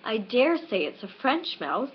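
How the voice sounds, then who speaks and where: A woman's voice: fairly high pitch, big pitch swings, measured pace, slight background noise. A polite, eager little girl from a storybook, voiced by a woman reading aloud. She chatters on earnestly in a raised, girlish voice. The recording is dull and lo-fi, made on a webcam.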